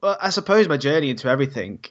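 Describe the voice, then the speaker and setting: A man's voice: medium pitch, big pitch swings, very fast, fairly bright tone, muffled recording. A man from Liverpool with a Scouse accent, a chatty guest in a casual conversation, rambling and laughing often. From Liverpool, England. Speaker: guest, podcaster and activist.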